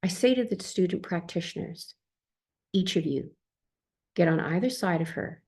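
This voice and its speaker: A woman calmly reading her own first-person account as a therapist, in a soft, tender manner. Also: fairly low pitch, normal speed, slightly rough.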